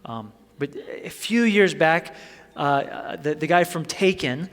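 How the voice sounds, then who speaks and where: A man's voice: on the high side, expressive, slow pace, fairly bright tone. A man preaching a sermon in an earnest, conversational way that builds to emphatic points. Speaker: pastor. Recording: long hall reverb.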